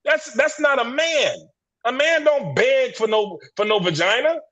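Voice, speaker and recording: This man's voice is very high and fairly bright, delivered at a measured pace through poor audio on a livestream video call. Speaking as a panelist in an impassioned men's group discussion, he sounds preachy and emphatic, restarting sentences and repeating himself.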